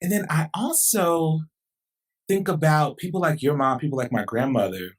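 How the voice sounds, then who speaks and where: A man's voice: on the high side, lively intonation, normal speed. A man, a pastor hosting a podcast, talking in a reflective, conversational way. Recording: distant mic, roomy.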